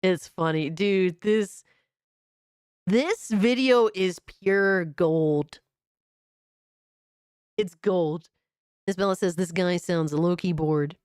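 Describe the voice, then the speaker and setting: A woman's voice: fairly low pitch, slow, long pauses, a little mellow, clean tone, dry recording, clean studio sound. A woman hosting a gaming stream, mocking a video in casual, profane reaction commentary. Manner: mocking, profane, laughs at the clip.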